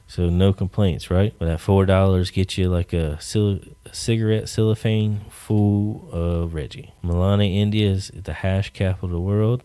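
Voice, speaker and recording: A man's voice: sits low, warm tone, no room sound. A man hosting a podcast, ranting casually with rambling, profane, joking asides. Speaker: podcast host. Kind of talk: casual solo rant.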